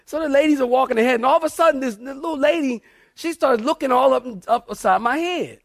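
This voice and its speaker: A man preaching a sermon in church, telling lively stories and acting out the voices of people in them. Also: very high voice, quick pace, vocal fry, no room sound, studio quality. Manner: animated storyteller, acts out quoted voices. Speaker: pastor. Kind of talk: sermon storytelling.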